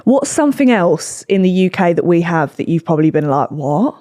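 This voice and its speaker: British woman host, lowish voice, dry close sound, bubbly chat. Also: sing-song, brisk, dark tone, no echo. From England. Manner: bubbly, laughs often. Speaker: podcast host. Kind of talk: casual chat.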